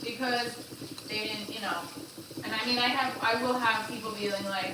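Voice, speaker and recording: A woman's voice: a little high, steady tone, moderate pace. A woman comedian talking candidly in a casual vlog, frank and rambling, swearing freely with frequent restarts. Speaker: comedian vlogging her day. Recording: echoey room with faint background noise.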